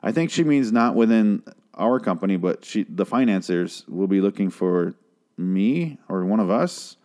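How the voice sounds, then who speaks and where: A man's voice: lowish voice, animated, normal speed, warm tone. A man casually recapping a TV episode, rambling, sarcastic and swearing freely.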